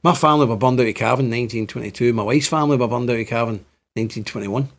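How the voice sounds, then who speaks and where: In a racing, mid-range voice, a Northern Irish man in his fifties with a Scottish-tinged Ulster accent speaks to camera. His monologue is impassioned and repetitive, rising to exclamations.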